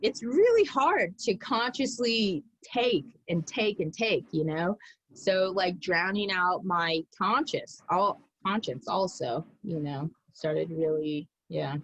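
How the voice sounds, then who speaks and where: A woman's voice: on the low side, lively intonation, slow pace, fairly bright tone, lo-fi sound. A woman guest telling her own story candidly and animatedly, acting out her past self.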